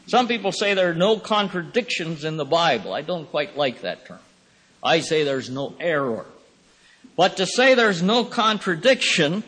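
Husky, high-voiced man lecturing in a hall. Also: a bit bright. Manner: rambling, thoughtful, with many pauses and fillers. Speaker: Bible teacher. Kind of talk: classroom lecture. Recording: reverberant hall recording.

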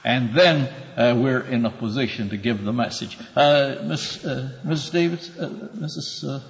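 A man's voice: medium pitch, moderate pace, creaky, in a large hall, poor audio. A man teaching a Bible class, explaining scripture verse by verse and calling on students by name. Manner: earnest, emphatic when quoting scripture.

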